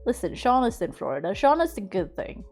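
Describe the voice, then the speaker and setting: A woman's voice: mid-range voice, sing-song, fairly quick, darkish tone, husky, soft background music. A woman from Sweden with a faint Swedish accent under American-sounding English, chatting casually on a live game stream, laughing often and swearing freely. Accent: faint Swedish under an American-learned English. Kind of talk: casual live-stream chat while gaming.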